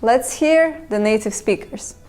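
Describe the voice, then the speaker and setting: A woman's voice: a little high, darkish tone, faint music behind. Woman narrating a language lesson. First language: Russian. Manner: measured, explanatory, with dry humor. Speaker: language channel host. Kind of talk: scripted educational narration.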